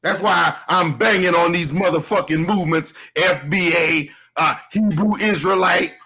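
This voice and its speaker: A man's voice: high voice, moderate pace, pushed and bright, breathy edge, low-quality recording. A man hosting a show, delivering a heated, profane commentary rant with emphatic, laughing delivery.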